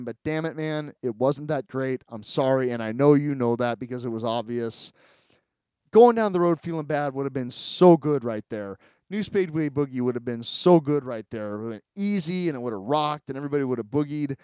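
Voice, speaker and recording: A man's voice: mid-range voice, a little mellow, clear, resonant tone, dry recording, lo-fi sound. Rambling, emotional middle-aged man podcasting. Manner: rambling, emotional, swears freely, talks straight to listeners. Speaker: podcast host. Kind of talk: casual solo podcast talk.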